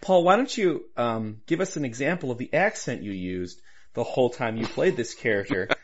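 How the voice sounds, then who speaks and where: A man in a casual chat about a tabletop game, asking pointed questions. His voice is husky and swings widely in pitch. The recording sounds dull and lo-fi. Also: big pitch swings, moderate pace.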